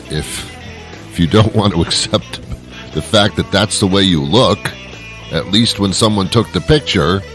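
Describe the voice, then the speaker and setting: A male radio show host delivering a comedic, rambling monologue with sarcastic, mock-boastful asides. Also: lowish voice.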